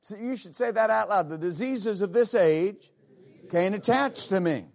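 A man's voice: high voice, a little slow, creaky. A male pastor preaching a sermon, emphatic and repetitive, often calling out amen. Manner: emphatic, repeats words, calls out amen.

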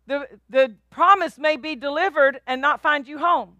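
Woman pastor, high bright voice, emphatic preaching with repeated calls for response. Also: moderate pace, no room sound. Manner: emphatic, repetitive, call-and-response. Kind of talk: sermon.

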